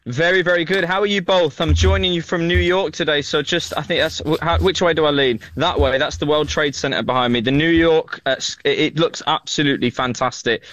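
A man's voice: a little high, fairly even intonation, a little fast, few pauses, fairly bright tone, no echo. A man, cheerful and rambling, calling in to a radio show from a city street. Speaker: guest presenter. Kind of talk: radio chat. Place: outdoors in a city.

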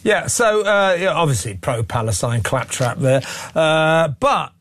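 A male talk show host whose voice sits a little higher than most men's. He talks in a sarcastic, mocking way, and the sound is close and dry with no room echo. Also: lively intonation, measured pace, a bit bright. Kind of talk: opinionated talk show commentary.

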